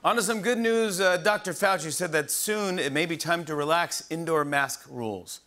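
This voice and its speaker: A man in his forties hosts a late-night comedy monologue in a TV studio before a live audience, giggling at his own jokes. His voice is on the high side at a moderate pace, and the broadcast carries loud audience laughter and heavy background noise.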